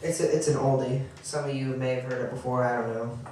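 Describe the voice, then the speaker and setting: Young male comic, nervous and halting stand-up, recorded from a distance in a very echoey room. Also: medium pitch, steady tone, background noise. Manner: halting, awkward delivery with frequent restarts and chuckles. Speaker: stand-up comedian. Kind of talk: stand-up comedy set.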